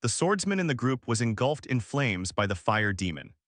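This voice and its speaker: A man's voice: medium pitch, sing-song, normal speed, no echo, studio quality. A man narrating a scripted story recap in a dramatic storytelling manner.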